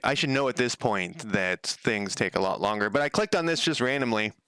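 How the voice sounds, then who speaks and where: In a dry, clean studio recording, a man with a clean, sharp voice on the low side streams his home game-development work. The commentary is casual and rambling as he thinks aloud, often revising what he just said.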